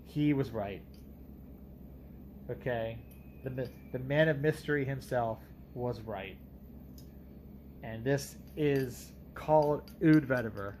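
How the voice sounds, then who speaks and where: A man's voice: mid-range voice, slow pace, long pauses, darkish tone, slight background noise, low-quality recording. A man reviewing perfumes in a casual monologue, talking bluntly and emphatically with some profanity.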